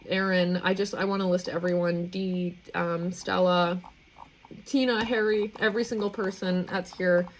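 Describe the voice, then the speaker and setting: A woman's voice: fairly low pitch, vocal fry, slight background noise, low-quality recording. A young woman hosting a live stream, talking in an effusive, rambling, heartfelt way. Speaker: livestream host. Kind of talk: emotional live stream sign-off.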